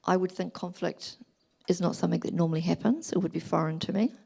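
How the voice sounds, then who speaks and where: Middle-aged New woman, speaker at a church family weekend, lower register, gravelly edge. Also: fast. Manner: gentle, explanatory, acts out examples in quoted voices. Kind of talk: talk.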